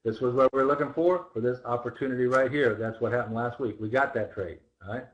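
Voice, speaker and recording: A man's voice: medium pitch, fairly quick, dull audio. A man teaching a trading seminar, walking through charts with rhetorical questions and repeated phrases. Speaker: trading instructor. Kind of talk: live seminar chart walkthrough.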